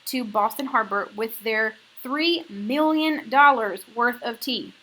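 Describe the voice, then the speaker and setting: A woman's voice: fairly high pitch, slow pace, sharp tone, rough recording. A woman teaching a history lesson in a casual, slangy way, often checking in with "okay?". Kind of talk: recorded classroom lecture.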